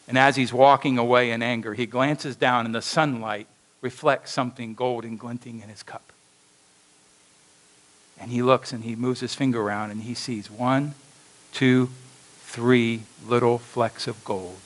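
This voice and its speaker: A man's voice: medium pitch, moderate pace, rough recording. A male pastor delivering a sermon in a church, telling a story and acting out its voices with animation. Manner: animated storytelling with acted quotes.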